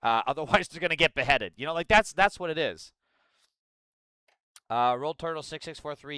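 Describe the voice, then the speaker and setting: A man's voice: a little high, expressive, moderate pace, long pauses, bright, forceful tone, smooth, no echo, rough recording. Profane sarcastic male streamer. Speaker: political commentary streamer. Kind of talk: live reaction stream with chat.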